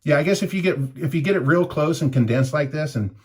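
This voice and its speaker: A man's voice: fairly high pitch, expressive, fast, breathy edge. A man in his fifties rambling through an anecdote while shaving, chuckling as he reviews shaving gear. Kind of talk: casual vlog storytelling while shaving.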